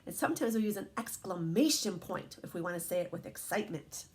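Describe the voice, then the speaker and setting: A woman teacher reading picture books aloud to young children, gentle and encouraging, often asking them questions. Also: lowish voice, lively intonation, fast talker, slight background noise. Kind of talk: storybook read-aloud lesson.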